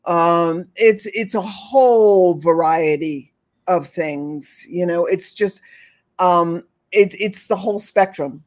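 A woman's voice: fairly low pitch, slow pace. Earnest woman animal communicator. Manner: earnest, repetitive, acts out pitying voices. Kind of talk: casual conversation.

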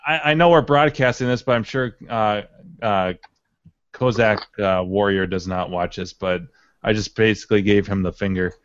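A man's voice: lowish voice, moderate pace. Guy hosting, teasing the crew, swears a lot, kinda dull lo-fi audio. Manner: joking, teasing, profane. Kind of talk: casual chat.

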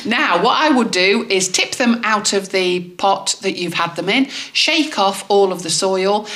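A woman's voice: mid-range voice, expressive, measured pace, a bit bright. A woman co-hosting a gardening podcast, chatting and teasing with frequent laughs. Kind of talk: casual chat. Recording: roomy echo.

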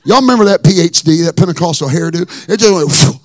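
Hoarse high-voiced preacher. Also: male voice, fast, no room sound, studio quality. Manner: animated, builds to shouted preaching. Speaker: pastor. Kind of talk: storytelling sermon. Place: church sanctuary.

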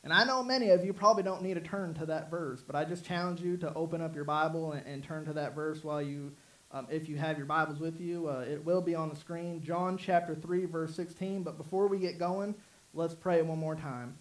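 A man's voice: fairly high pitch, steady tone, brisk, low-quality recording. A man preaching a sermon in an earnest, rambling way, with many restarts. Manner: earnest, repetitive with frequent restarts and fillers. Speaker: pastor.

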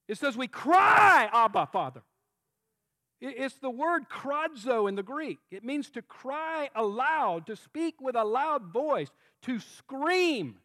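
A middle-aged pastor with a very high voice preaches an impassioned sermon, swinging from soft, tender lines to shouted cries. There's no echo.

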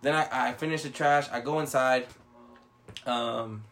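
A man's voice: mid-range voice, steady tone, measured pace, a bit bright. Man storyteller, casual and profane, loose and rambling. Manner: rambling, profane, with many fillers and acted-out quotes. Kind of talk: casual chat.

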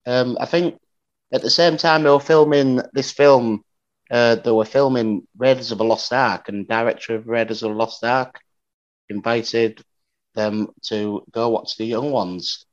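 A male podcast guest shares film trivia in an easygoing, casual way. His voice sits at an ordinary middle pitch, and the recording sounds slightly dull. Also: steady tone, a little slow.

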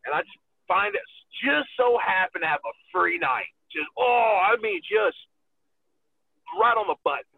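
A man telling a road story as a guest in casual talk, animated and profane, acting out quotes and laughing often, heard over a phone line. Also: very high voice, normal speed, gravelly, a little hiss or hum. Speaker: wrestler guest. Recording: tinny phone-line sound.

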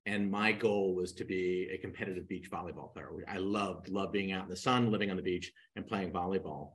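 Older guy w a low husky voice telling stories on a podcast, does little voices for people he quotes. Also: brisk, poor audio. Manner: animated storyteller who acts out quoted speakers. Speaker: guest, real estate coach. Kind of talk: storytelling in a podcast interview.

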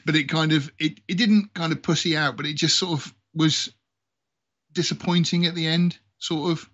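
A man's voice: a little high, fairly even intonation, moderate pace, fairly bright tone, highs cut off. A British man casually chatting about films as a podcast co-host, rambling and jokey. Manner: rambling, jokey, laughs often.

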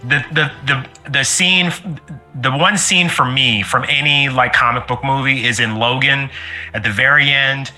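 A man in casual podcast chat, agreeable and quick with short replies. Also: medium pitch, steady tone, bright, forceful tone, faint music behind.

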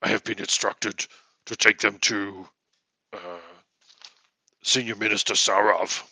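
A man plays a nervous, hesitant sub-chief who defers to his superiors in a tabletop game. The voice is low with a gravelly edge. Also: fairly even intonation, takes it slowly, pushed and bright, no room sound, heavily acted. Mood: deferential.

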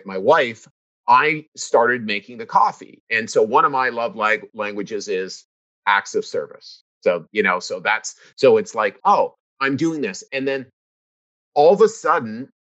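Middle-aged man, earnest and reflective co-host, mid pitch, a bit muffled. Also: a little slow, fairly bright tone. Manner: earnest, reflective storytelling with frequent restarts. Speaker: podcast co-host. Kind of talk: casual conversation.

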